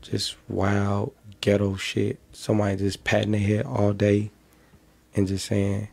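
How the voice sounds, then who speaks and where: A man with a low, gravelly voice and a dark, mellow tone. He is interviewing someone and spins off into a crude, joking story, voicing himself and others along the way. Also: monotone, moderate pace, no echo. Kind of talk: crude comedic riffing.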